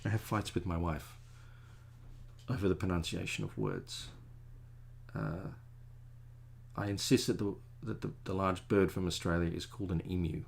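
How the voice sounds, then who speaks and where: Middle-aged man, artist at work, low creaky voice, chatty digressive livestream commentary. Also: lively intonation, moderate pace, pauses often. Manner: chatty, digressive, self-deprecating. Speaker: artist drawing a commission. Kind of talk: casual rambling commentary while drawing.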